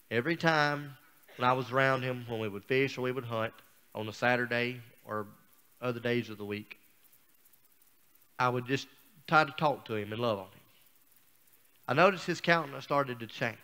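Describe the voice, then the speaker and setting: Man, guest preacher, folksy sermon storytelling, smooth resonant voice. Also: medium pitch, moderate pace, long pauses, pushed and bright. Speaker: guest speaker.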